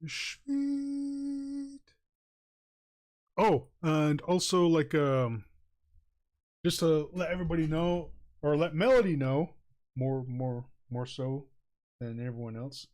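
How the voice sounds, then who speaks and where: A man's voice: a little high, measured pace, darkish tone. Male streamer, casual drawing-stream chatter, rambling delivery with frequent chuckles and fillers. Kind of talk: casual livestream chat while drawing.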